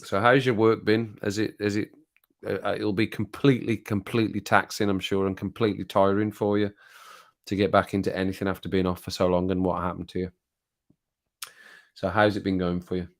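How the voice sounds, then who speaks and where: A man's voice: low-pitched, level tone, fairly quick. Man, streamer host, easygoing natter with viewers, reads chat aloud, laughs a lot. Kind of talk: casual live-stream chat.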